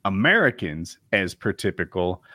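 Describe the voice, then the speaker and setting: A man's voice: low voice, big pitch swings, moderate pace, sharp tone, no echo, studio quality. A man on a casual chat podcast, laying out his opinions with emphatic asides. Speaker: podcast co-host.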